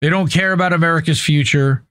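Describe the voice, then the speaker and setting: Fast-talking and smooth, this man has a fairly high, slightly bright voice with no echo. He hosts a podcast, reading an article aloud and interrupting himself with blunt, opinionated commentary peppered with casual swearing.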